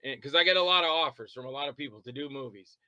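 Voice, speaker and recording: A man chatting as an interview guest, telling long rambling stories about making films, quick to laugh and to act out what others said. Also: medium pitch, bright, forceful tone, clean tone, no room sound, rough recording. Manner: rambling anecdotal storytelling. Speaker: interview guest, independent filmmaker and actor. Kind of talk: casual interview chat.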